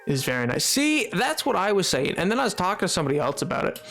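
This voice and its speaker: A rambling, giggly male game streamer chats loosely with his viewers and fills his talk with fillers. His voice sits a little high, with faint music underneath. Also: sing-song, quick pace, fairly bright tone. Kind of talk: casual live-stream chat.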